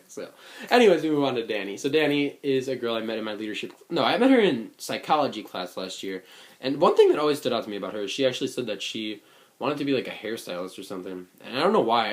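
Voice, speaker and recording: Earnest rambling teenage guy. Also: lowish voice. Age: late teens. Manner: earnest, rambling, with many fillers and restarts. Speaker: vlogger. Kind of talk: casual reflective vlog.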